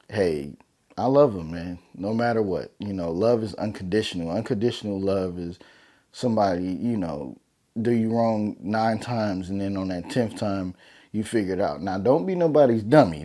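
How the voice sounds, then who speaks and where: Young dude w/ aave doing a solo podcast, low mellow voice, chill and slangy. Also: male voice. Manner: relaxed, conversational, heavy slang. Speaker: podcast host. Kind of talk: casual solo podcast talk.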